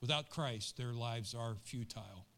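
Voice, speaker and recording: Middle-aged male pastor, mid-pitched, earnest and emotional colloquial storytelling from the pulpit. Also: measured pace, creaky, a bit bright. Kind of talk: sermon storytelling.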